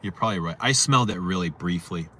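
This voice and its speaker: He talks fast in a low, sharp-toned voice while hosting a fragrance livestream. Reading viewer comments in a casual chat, he rambles and repeats himself as he answers their questions.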